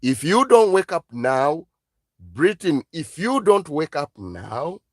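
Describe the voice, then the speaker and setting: Impassioned African-accented man, high voice. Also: big pitch swings, slow pace, no room sound, clean studio sound. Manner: emphatic, repetitive exhortations. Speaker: online channel host. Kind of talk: impassioned live-stream monologue.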